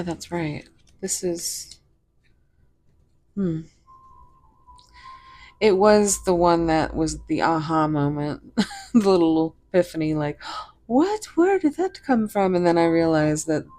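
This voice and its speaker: Slow, low-voiced woman reading tarot. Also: fairly even intonation, darkish tone. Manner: rambling, giggly, talks to viewers directly. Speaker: tarot reader. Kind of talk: casual tarot reading to camera.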